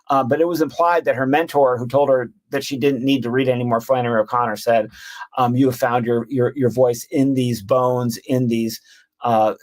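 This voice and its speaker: A man on a panel, ranking his favorite albums of the year in a rambling, enthusiastic way full of ums and restarts. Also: mid-range voice. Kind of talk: casual roundtable chat.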